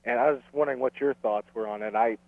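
A man calling in to a radio show as an eager fan, chatty and quick with his questions. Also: medium pitch, gravelly, dry recording. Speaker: caller. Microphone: telephone. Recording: thin phone line.

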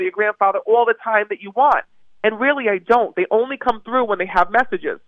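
High-voiced man on a tinny phone line. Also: a little fast, no echo. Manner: eager, storytelling, repeats words for emphasis. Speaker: psychic medium guest. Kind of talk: phone-in interview.

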